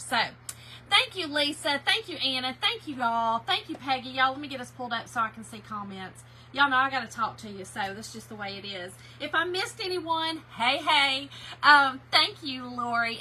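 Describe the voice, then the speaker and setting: A woman's voice: on the high side, sharp tone, slight background noise. Chatty woman greeting viewers. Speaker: craft livestream host. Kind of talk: casual livestream chat.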